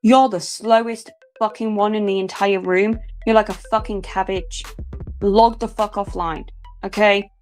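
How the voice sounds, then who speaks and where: A woman's voice: medium pitch, fairly even intonation, unhurried, darkish tone. A woman with a mid-range voice calls people out on a livestream. She is blunt and scornful and curses freely, with faint music in the background. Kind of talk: drama commentary on a livestream.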